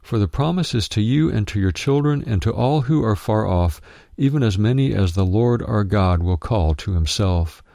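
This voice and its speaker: A man narrating a written Bible teaching, reading it out in a measured way and calling out verse references. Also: fairly low pitch, expressive, vocal fry, warm tone, dry recording, studio quality.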